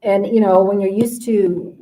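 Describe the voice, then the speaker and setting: A woman's voice: medium pitch, fairly even intonation, measured pace, warm tone, a little hiss or hum, poor audio. A woman from Canada, a life coach, chatting as a guest in a casual interview, rambling with many fillers and restarts.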